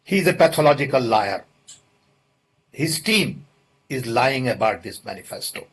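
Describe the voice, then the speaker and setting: A man's voice: mid-range voice, big pitch swings, husky. An older man, answering questions in an interview in an indignant, emphatic way. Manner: indignant, emphatic, deliberate pauses. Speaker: interview guest. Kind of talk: political interview.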